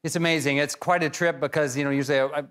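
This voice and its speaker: A man in his forties, a guest on a late-night talk show, chatting in a relaxed way and laughing often. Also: fairly high pitch, very fast, heavy background noise. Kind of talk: casual chat. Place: television studio with audience.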